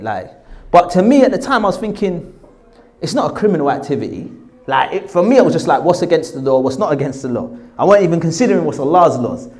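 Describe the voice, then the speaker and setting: A man's voice: fairly high pitch, animated, fast. A British man telling his own conversion story, acting out dialogue and repeating phrases for emphasis. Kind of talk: personal storytelling.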